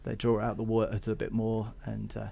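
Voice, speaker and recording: A man from England, his accent mixed with Australian, talks in a relaxed, rambling way as an interview guest. His voice carries a gravelly rasp. His pitch stays fairly flat. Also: moderate pace. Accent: English with some Australian. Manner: rambling, easygoing storytelling. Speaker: guest, thru-hiker. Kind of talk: casual interview chat.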